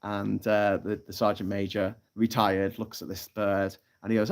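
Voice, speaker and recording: A man's voice: lowish voice, level tone, moderate pace. A man hosting a casual live stream from a tropical island, reading out chat comments and telling sweary jokes. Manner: chatty and sweary, telling jokes with lots of laughter. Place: off-grid tropical island, from a hammock.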